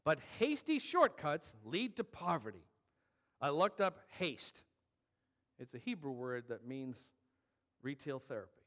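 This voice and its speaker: A man's voice: a little high, sing-song, measured pace, long pauses, fairly bright tone. A man preaching as a pastor, earnest and emphatic with joking asides. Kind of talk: sermon. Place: church sanctuary. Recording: dull, long hall reverb.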